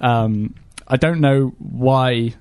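A man's voice: medium pitch, extremely slow, a little mellow, clean tone, no room sound. Rambling joking man, dry sound. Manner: rambling, joking, many fillers. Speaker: podcast co-host. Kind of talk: casual comedic chat.

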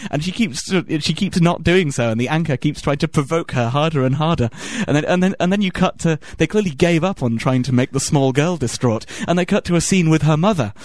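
A man co-hosts a joking conversation, slipping into exaggerated voices as he tells a story. His voice sits a little high, and the sound is dry and close. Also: a little fast, hardly any pauses, dry recording. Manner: animated storyteller, acts out quoted voices. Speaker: podcast co-host. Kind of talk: casual comedic chat.

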